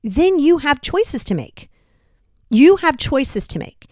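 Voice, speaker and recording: Woman, podcast host, slightly high voice, dry close sound, direct, rhetorical questions. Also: sing-song, slow pace, a little mellow, dry recording. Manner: blunt, casual, with mild swearing. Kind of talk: solo motivational podcast talk.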